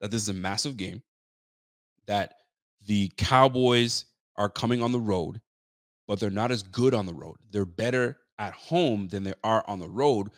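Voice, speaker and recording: A man's voice: lowish voice, normal speed, no room sound. Male sports podcast host, casual and heated, swears freely, dry close-mic sound. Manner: profane, animated rant with slang. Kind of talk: casual ranting commentary.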